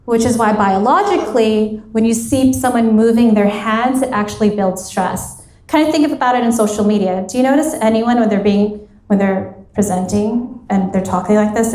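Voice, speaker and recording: A woman's voice: medium pitch, darkish tone. A woman in her thirties giving a live motivational workshop talk as a career coach, chatting casually with lots of "like" and acting out bits of dialogue. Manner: conversational, peppered with "like", acts out quoted dialogue. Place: event hall at a women's retreat. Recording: roomy echo of a live hall.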